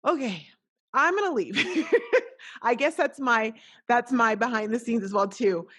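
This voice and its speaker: A woman's voice: fairly high pitch, animated, measured pace, fairly bright tone, husky. A middle-aged woman hosting a podcast, talking in an earnest, emotional, motivational way with frequent restarts. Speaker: podcast host. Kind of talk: casual motivational monologue.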